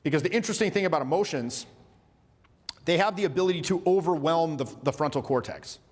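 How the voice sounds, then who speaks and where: Male coach, 40s, pitched a bit high, casual animated workshop delivery with swearing, recorded with long hall reverb. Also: fast talker. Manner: animated, acts out little dialogues, casual swearing. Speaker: social skills coach. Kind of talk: workshop lecture.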